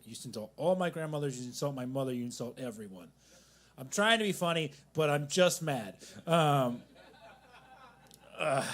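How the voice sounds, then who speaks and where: A young man doing a rambling, self-deprecating stand-up set at a coffee shop open mic, with angry asides. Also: medium pitch.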